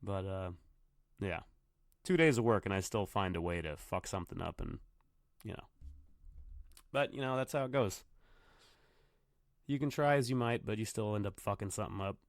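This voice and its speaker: A man's voice: fairly low pitch, moderate pace, gravelly, pauses often, no room sound, clean studio sound. A man hosting a solo podcast, rambling through stories and swearing freely. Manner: profane, rambling storyteller. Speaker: podcast host, bartender. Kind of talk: casual solo podcast monologue. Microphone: computer microphone.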